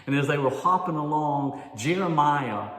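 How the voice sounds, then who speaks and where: A man telling a story to an audience at a conference, animated and drawing the crowd in. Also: fairly high pitch, moderate pace. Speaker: speaker at a volunteer leader conference. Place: large hall. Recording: echoey hall with long reverb.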